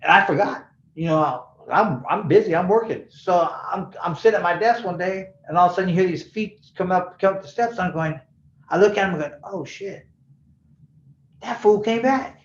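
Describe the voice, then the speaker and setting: A man's voice: high voice, fairly quick. A middle-aged man, a bail bondsman, telling stories loosely in a casual interview and acting out the voices of people he quotes. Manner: loose, rambling storyteller who acts out quoted voices. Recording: roomy, dull-sounding room.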